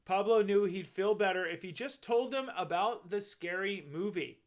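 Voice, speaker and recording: High-voiced man reading a storybook. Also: normal speed, hardly any pauses. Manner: chatty, points out details in the pictures. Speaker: storybook reader. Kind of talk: reading a picture book aloud.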